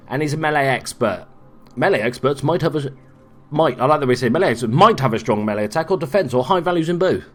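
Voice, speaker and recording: A man walks through a video game in a relaxed, conversational guide. His pitch is middle of the road, and his delivery is offhand and jokey, full of little asides and self-corrections. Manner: joking, offhand asides, trails off and restarts. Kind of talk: casual gameplay guide commentary.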